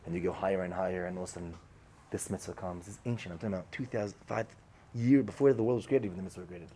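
Recounting a Torah parable in a loose, conversational sermon, this man repeats his phrases and gives voice to the characters he quotes. He talks at a racing pace in a deep, mellow voice, with a little hiss or hum in the recording.

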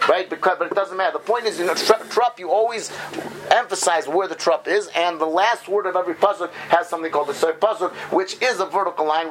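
A man with a fairly high voice gives an informal reading lesson to a small group. He explains step by step, often breaking off mid-word to restart, and a faint hiss of noise sits under his voice. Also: fairly bright tone, low-quality recording. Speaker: Hebrew reading teacher.

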